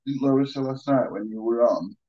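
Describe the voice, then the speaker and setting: An older man, chipping in quietly from off to the side of a livestream. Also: medium pitch, brisk. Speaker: co-host off camera. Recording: husky voice from far off mic, lo-fi.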